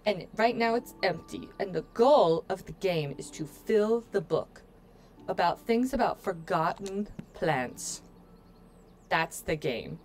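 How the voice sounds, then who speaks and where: A woman's voice: fairly low pitch, lively intonation, slow, darkish tone, slight background noise. Woman game streamer, casual let's-play talk, playful and jokey, chatty with viewers. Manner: playful, joking asides to chat; chatty, addresses viewers often.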